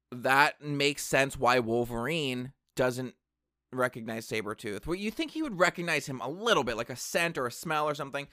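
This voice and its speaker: A man casually reviewing a film on camera, rambling and excitable, with lots of fillers and asides. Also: mid-range voice, no echo, studio quality. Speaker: movie reviewer. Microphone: camera mic.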